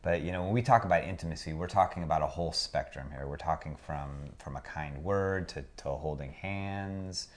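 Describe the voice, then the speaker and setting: A man co-hosting a relationship podcast, talking in a measured way and affirming and building on his co-host's points. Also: rumbling low. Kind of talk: casual chat.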